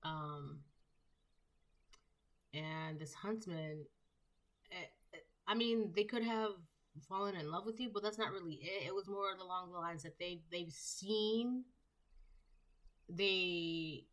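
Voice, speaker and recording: A woman's voice: lowish voice, slow, pauses often, a bit bright. A woman giving a casual tarot reading, talking in a rambling way with many fillers and restarts. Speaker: tarot reader.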